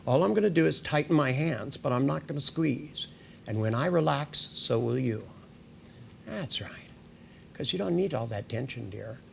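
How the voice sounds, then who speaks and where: A man hypnotizes volunteers in slow, soothing patter, with a gravelly edge to his voice. His pitch rises and falls widely as he coaxes them deeper, and he often repeats "that's right". He drops in playful jokes now and then. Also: lively intonation, slight background noise. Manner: playful, joking with the audience. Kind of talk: live hypnosis demonstration with volunteers.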